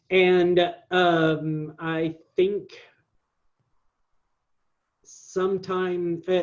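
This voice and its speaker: A man's voice: fairly high pitch, darkish tone, lo-fi sound. A man in his forties, a guest talking casually in an interview, rambling with lots of ums and restarts. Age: 40s.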